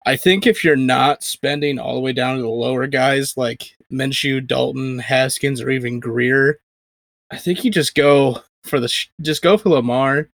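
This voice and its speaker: A man's voice: mid-range voice, gravelly, no room sound, clean studio sound. A tired man in his twenties co-hosting a casual sports podcast, joking wryly and laughing often. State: tired from little sleep. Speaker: podcast co-host.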